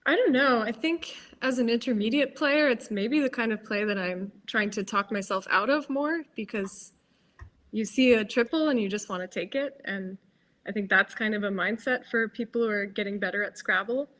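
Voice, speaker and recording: A woman giving live game commentary, explaining moves in a measured, analytical way with hesitant fillers. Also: on the high side, fairly bright tone. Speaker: tournament commentator.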